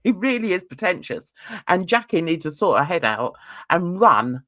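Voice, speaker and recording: Gossipy woman chatting about a reality show, bright voice, swings way up and down, blunt and cheeky, keeps laughing. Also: fairly low pitch, normal speed. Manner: gossipy, animated, laughs often; blunt, uses cheeky slang. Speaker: reality TV reviewer. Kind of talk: casual commentary.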